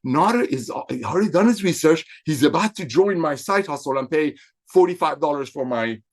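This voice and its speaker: A man's voice: fairly high pitch, expressive, brisk. Smug salesman buddy, full of himself, as a coach puts him on. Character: smug male friend who thinks he made a sale.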